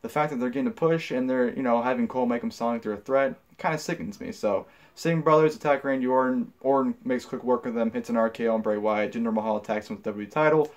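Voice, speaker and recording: A man's voice: mid-range voice, fast, a little mellow. A young man giving a casual spoken review, rambling with many fillers and restarts, blunt and profane when annoyed. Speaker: wrestling show reviewer.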